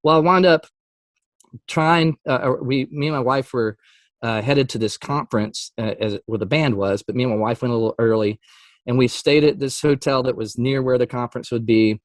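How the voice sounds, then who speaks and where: Animated male storyteller, dry sound. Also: normal speed, no room sound. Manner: animated storyteller, acts out quotes with big pitch jumps, laughs often. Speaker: Christian music artist guest. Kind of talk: casual interview storytelling.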